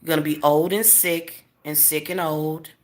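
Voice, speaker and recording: Woman, slightly low voice, spiritual reader, casual livestream talk, emphatic, repetitive, chuckling. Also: fairly even intonation, normal speed.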